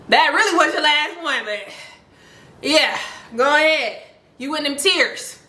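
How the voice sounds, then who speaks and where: A woman in her twenties telling a story to camera in a casual, slangy, animated way, talking to viewers as y'all. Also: sits high, unhurried, roomy sound. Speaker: storytime vlogger.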